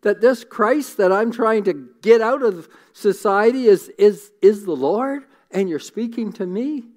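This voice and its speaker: A man's voice: high-pitched, measured pace, a little mellow, pitched above the performer's own voice. A man voicing Saul, a zealous young man shaken to find he has been fighting the Lord, speaking in pleading, incredulous questions. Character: zealous young male persecutor Saul, stunned.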